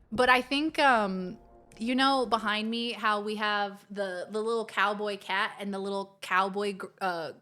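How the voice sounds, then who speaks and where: A woman streaming a game and chatting casually with her viewers, playful and quick to slip into silly voices. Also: medium pitch, sharp tone. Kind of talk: casual live-stream chat.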